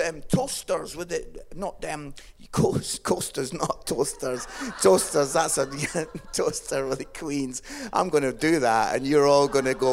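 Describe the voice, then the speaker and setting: Scottish man preaching with gravelly fry. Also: on the high side, animated, moderate pace, few pauses. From Scotland. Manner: humorous storytelling, swings from hushed to shouting. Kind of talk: sermon.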